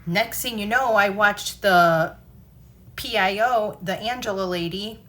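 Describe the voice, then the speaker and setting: A woman commenting on video clips in a measured, analytical way. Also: medium pitch, fairly bright tone.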